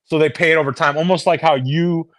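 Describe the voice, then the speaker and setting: A man's voice: fairly high pitch, steady tone, quick pace, no echo, studio quality. A man from the US chatting casually to his viewers on a phone, swearing constantly and restarting his sentences. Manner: heavy swearing, restarts and repeated words. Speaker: streamer talking to viewers. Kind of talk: casual rambling chat.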